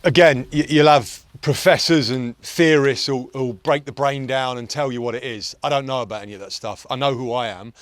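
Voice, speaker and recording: A man's voice: medium pitch, moderate pace, few pauses, dry recording. A man in his forties, a performance coach, talking casually and bluntly, telling stories with the odd swear word. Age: 40s. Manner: intense, blunt, storytelling with swearing. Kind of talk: casual chat. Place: golf course outdoors.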